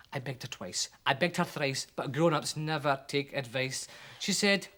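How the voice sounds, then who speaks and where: A children's TV presenter reading a comic poem aloud for children with animated, dramatic delivery. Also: medium pitch, moderate pace, few pauses. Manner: animated, with voices for the characters.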